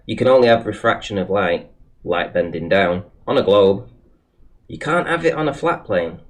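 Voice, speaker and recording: Scornful man commentating, low voice. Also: animated, normal speed. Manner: sarcastic, scornful. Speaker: commentator on the debate. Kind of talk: mocking commentary over a clip.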